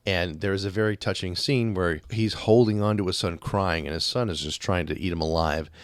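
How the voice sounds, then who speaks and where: A man reviewing a film on his podcast in a casual, animated way, acting out scenes and swearing freely. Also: low-pitched, a little fast, no echo.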